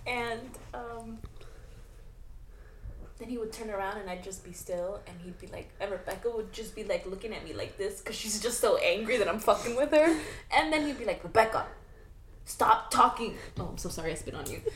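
A young woman co-hosting a podcast, telling stories in an animated, laughing, casual way with plenty of swearing. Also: mid-range voice, fairly quick. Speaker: podcast co-host. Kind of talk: casual chat. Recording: faint background noise.

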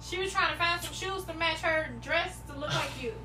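A woman's voice: very high voice, normal speed, far from the mic, noisy background. A young woman in a casual chat, blunt and wry, laughing at herself as she tells it. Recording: echoey room, off-mic.

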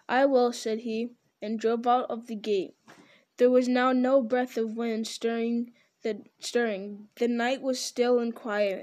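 A woman reading a novel aloud, her voice sitting a little high. She keeps a steady, unpolished pace and stumbles now and then, correcting herself before going on. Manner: steady, unpolished, with small slips.

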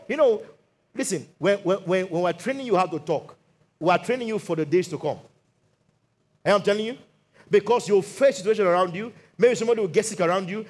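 Middle-aged man, Nigerian accent, pastor preaching, high-pitched voice, call-and-response. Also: breathy edge. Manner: call-and-response preaching, leads congregation in declarations. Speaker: lead pastor. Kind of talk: sermon.

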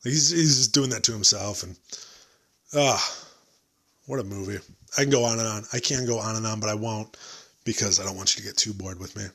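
A man's voice: fairly low pitch, steady tone, fairly quick, long pauses, fairly bright tone, breathy edge. A man in his late twenties hosting a solo podcast, rambling casually, self-deprecating and swearing freely. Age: 20s. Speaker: podcast host.

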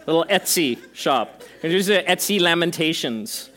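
A man's voice: fairly high pitch, expressive, moderate pace, pushed and bright. A male pastor preaching a sermon to a congregation in a church service, talking conversationally with joking asides and emphatic repetition.

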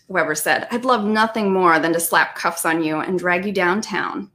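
A woman's voice: lowish voice, normal speed, hardly any pauses. A woman author on a video call reading aloud from her own novel, with laughing asides. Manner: lively reading with laughs and self-aware asides.

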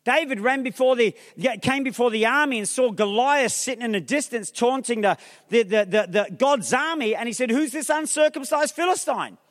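A male pastor preaching an energetic sermon, rousing the crowd with repeated questions and calls, mixing in humorous asides. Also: very high voice, moderate pace. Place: large theatre hall. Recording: long reverb of a large theatre.

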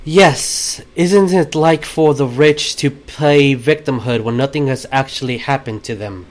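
A man voicing a calm, scornful woman druid who speaks for the jungle and lectures a crowd. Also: mid-range voice, slow. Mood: disdainful. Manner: cold, preachy, condescending.

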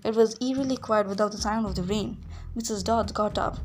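A woman reading a story aloud in a steady storytelling voice, giving the characters their own voices. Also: medium pitch, a little fast, a little hiss or hum. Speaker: reader. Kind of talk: audiobook reading.

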